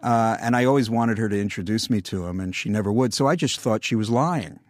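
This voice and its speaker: Older male guest, wry anecdotal delivery, deadpan asides, dry studio read. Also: fairly low pitch, a little fast, no room sound. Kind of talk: conversational interview storytelling.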